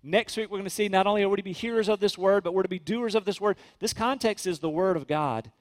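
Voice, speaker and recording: A pastor delivers an earnest sermon in a high, light male voice, leaning hard on key phrases and slowing to repeat them. His words ring out with a long hall reverb, as if captured in a church sanctuary. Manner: earnest, emphatic preaching with slowed repeated phrases.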